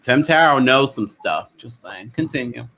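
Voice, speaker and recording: A man hosting a reality-show recap, chatting in a gossipy, teasing way with quick asides. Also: mid-range voice, lively intonation, gravelly, bright, forceful tone. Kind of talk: gossipy casual chat.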